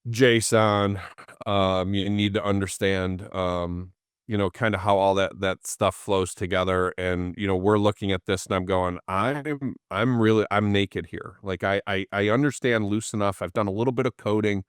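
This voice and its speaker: A man with a fairly low voice speaks as the guest in a relaxed interview. He tells stories with animation and puts on the voices of the people he quotes. The sound is dry and close, with no room echo. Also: normal speed, smooth. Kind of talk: casual interview storytelling.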